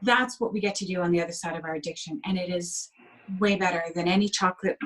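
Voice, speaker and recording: A woman coaching on sugar addiction as a guest in an interview, speaking gently and heartfelt, sometimes acting out inner voices. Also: on the low side, fairly even intonation, quick pace, rough recording. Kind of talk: interview over video call.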